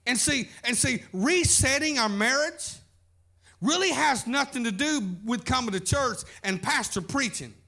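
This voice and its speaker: A man's voice: extremely high pitch, animated, a little slow, pushed and bright. A man preaching a sermon, telling a folksy story as pastor.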